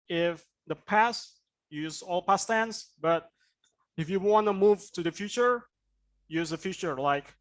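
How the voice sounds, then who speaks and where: A man teaching IELTS speaking in an online class, explaining points and checking in with "right?". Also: sits high. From Indonesia. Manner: explanatory, with frequent "right?" tag questions.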